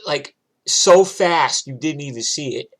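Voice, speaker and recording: A man telling a story in a casual, animated, chatty way. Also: a little high, unhurried, heavy background noise.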